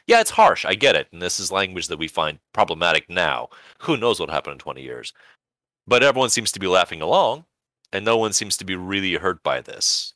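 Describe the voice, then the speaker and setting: A man's voice: sits low, very animated, a little fast, sharp tone, no echo, studio quality. A man co-hosting a casual podcast, talking in a wry, articulate and sardonic way. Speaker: podcast co-host. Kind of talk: casual chat.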